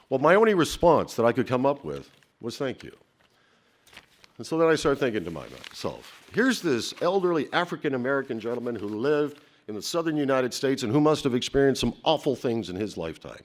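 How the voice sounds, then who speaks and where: A middle-aged man from Canada giving a heartfelt, rhetorical acceptance speech from a podium on a banquet hall stage. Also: fairly high pitch. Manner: emotional, rhetorical, with dramatic pauses.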